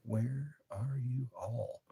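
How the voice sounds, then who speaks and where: A man from the United States, a bit tipsy from wine, casually chatting on a live stream and reading viewer comments aloud in a slow, rambling way. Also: medium pitch, vocal fry, dark tone, slightly rough. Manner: slow, rambling, reads chat messages aloud.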